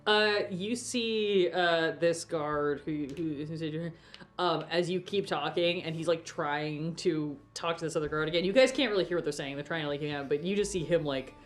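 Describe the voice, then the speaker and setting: A woman's voice: low-pitched, normal speed. A woman narrating as game master in a tabletop game, chatty and full of fillers. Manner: chatty, lots of fillers, laughs often.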